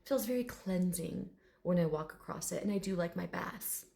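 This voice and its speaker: Woman doing a refined little male dragon spirit: formal, soft-spoken, unhurried, haughty intellect. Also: fairly low pitch, creaky. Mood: prim.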